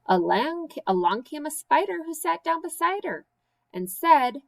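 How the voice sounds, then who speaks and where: Slow, sing-song woman reading poems. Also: sits high, big pitch swings, gravelly, low-quality recording. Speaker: special education teacher. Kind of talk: reading children's poems aloud.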